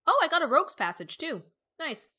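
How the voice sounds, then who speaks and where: A woman streamer with a high, bright, pushed voice talks a little fast, her pitch swinging widely. While deckbuilding on a casual live stream, she thinks aloud and reads out chat between fillers.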